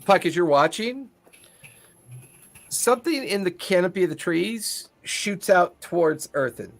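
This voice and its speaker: High voiced guy running a tabletop game, playful, laughs a lot. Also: lively intonation, unhurried, gravelly. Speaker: game master.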